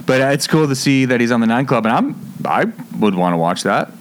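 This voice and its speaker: A middle-aged man co-hosting an action sports podcast in relaxed, rambling chat. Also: mid-range voice, a little fast. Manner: relaxed and rambling, with lots of fillers and asides. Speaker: podcast co-host. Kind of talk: casual chat.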